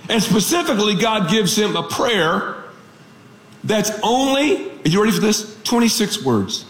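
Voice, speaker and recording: A man preaching a radio sermon as a pastor, telling stories in an animated, joking way. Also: high-pitched, a little slow, reverberant.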